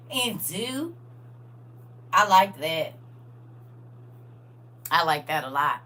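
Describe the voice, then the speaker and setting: A woman's voice: fairly high pitch, pushed and bright. A middle-aged woman, chatting with listeners while leading a casual online Bible study. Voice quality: raspy. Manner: chatty, laughs often, talks to listeners directly. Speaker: online scripture study host.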